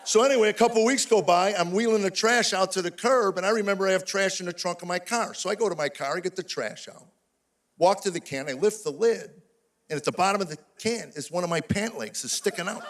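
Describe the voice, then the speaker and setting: An older man performing live stand-up comedy on stage, telling rapid-fire stories with exasperated punchlines. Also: high-pitched, a bit bright. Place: stage before a live audience.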